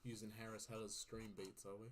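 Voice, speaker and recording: A man's voice: fairly low pitch, level tone, brisk. A man chiming in on a casual podcast stream with dry, wry interjections. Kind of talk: casual livestream podcast chat.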